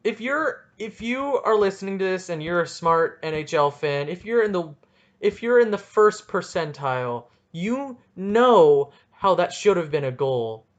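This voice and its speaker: A man's voice: sits high, lively intonation, measured pace, lo-fi sound. A young man hosting a solo podcast, ranting and rambling with goofy, self-mocking asides. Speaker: podcast host.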